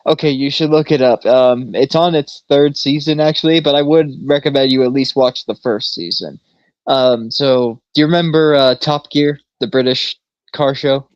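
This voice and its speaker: Male podcast co-host, loose rambling storyteller, mid-pitched, dull dry recording. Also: moderate pace, dry recording. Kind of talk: casual chat.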